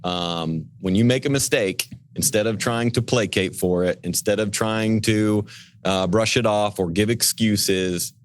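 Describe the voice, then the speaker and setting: A man's voice: fairly low pitch, measured pace. A middle-aged man, an executive pastor, speaking earnestly as a guest on a podcast, often restarting his phrases and acting out quoted voices. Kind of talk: podcast interview.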